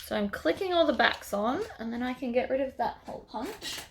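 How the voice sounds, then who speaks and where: A woman's voice: high-pitched, animated, fairly quick, fairly bright tone, a little hiss or hum. A woman hosting a sewing tutorial, chatting casually as she works through each step.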